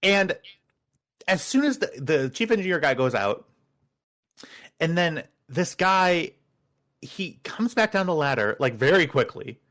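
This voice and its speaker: A man's voice: fairly high pitch, very animated, a little slow, pauses often, a bit bright. A man chatting casually with friends, retelling a work story and acting out the quoted dialogue. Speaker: podcast regular.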